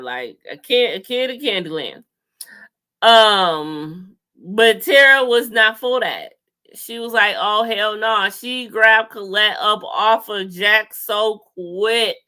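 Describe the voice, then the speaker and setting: Sassy, animated woman recapping a show. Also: mid-range voice. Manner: sassy, animated storytelling with sudden loud outbursts. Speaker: recap host. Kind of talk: casual TV episode recap.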